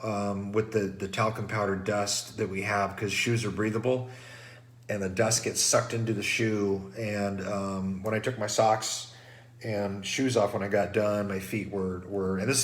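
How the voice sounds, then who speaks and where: A middle-aged man with a somewhat low voice gives a pre-race briefing to runners, stuffed up and congested from trail dust. He talks casually and loosely, full of ums and restarts, like a race director chatting through the rules. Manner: casual and rambling, many fillers and restarts.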